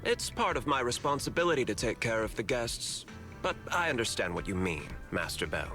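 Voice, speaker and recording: A smooth, polite corporate host. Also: male voice, medium pitch, very animated, pushed and bright, soft background music. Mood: courteous. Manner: courteous, measured. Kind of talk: game voice acting.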